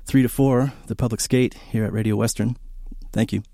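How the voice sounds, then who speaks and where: A man hosts a college radio record show from a small studio, chatting casually and enthusiastically between songs. He rambles, tells animated stories, and uses lots of fillers. His medium-pitched voice moves fairly quickly and is captured on a studio broadcast mic with clean, room-free sound.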